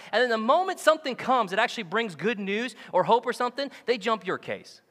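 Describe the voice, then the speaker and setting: A male pastor preaching a sermon, animated and joking, who often acts out the voices of the people he quotes. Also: very high-pitched, fast, few pauses, big-room sound. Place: church sanctuary.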